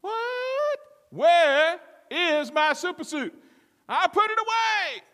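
A man putting on a shrill cartoon wife, voice leaping very high in falsetto, brushing off questions. The echo of a large hall trails behind her. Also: very animated, slow pace, bright, forceful tone, full character voice. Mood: evasive. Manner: shrill, evasive.

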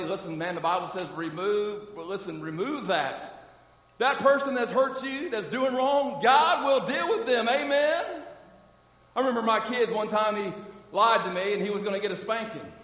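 A man's voice: high voice, fairly bright tone. A middle-aged man preaching a sermon as pastor, emphatic and conversational, often breaking in with "amen?" and "listen.". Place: church sanctuary. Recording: echoey hall from far off.

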